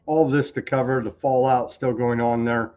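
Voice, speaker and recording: A man's voice: mid-range voice, fairly even intonation, normal speed, darkish tone, highs cut off. A man hosting a live news commentary stream, talking casually with sarcastic, scornful asides and rambling restarts. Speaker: news show host.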